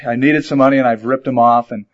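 A man voicing a sheepish pastor in a story, confessing his secret sins in a halting way. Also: mid-range voice, fairly even intonation, close to an everyday voice. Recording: dull lo-fi sermon recording.

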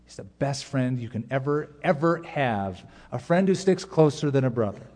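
A middle-aged man preaching a sermon as a pastor, earnest, with pauses and sudden emphatic rises. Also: mid-range voice, expressive, a little mellow. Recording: long reverb of a large hall.

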